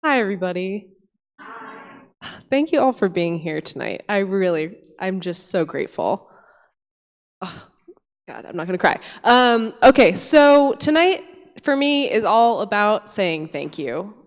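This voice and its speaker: A young woman from East Tennessee speaks in a mid-pitched, candid, chatty voice. Her words ring with a long reverb through a church hall. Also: sing-song, unhurried, pauses often. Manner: candid, emotional, chatty with fillers. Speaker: storyteller. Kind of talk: personal comedic storytelling. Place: church sanctuary.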